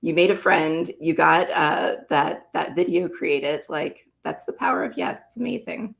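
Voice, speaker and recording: A woman's voice: sits low, steady tone, measured pace, creaky. A woman hosting a casual podcast interview, enthusiastically recapping her guest's story in short phrases. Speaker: podcast host.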